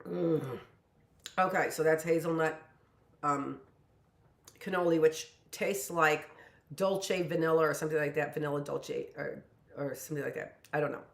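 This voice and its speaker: Chatty woman in her fifties rambling thru a live class in her kitchen, lowish voice, echoey room. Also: steady tone, normal speed, creaky, pauses often. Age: 50s. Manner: rambling, chatty, lots of "you know". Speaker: teacher. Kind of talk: casual live-stream lesson. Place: home kitchen.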